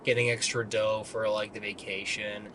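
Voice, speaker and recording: Casual male co-host, bright and forceful tone, joking banter, faint hiss behind. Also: lowish voice, little pitch movement, moderate pace. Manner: joking, playful, drifts into sing-song bits. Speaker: movie review co-host. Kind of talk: casual chat.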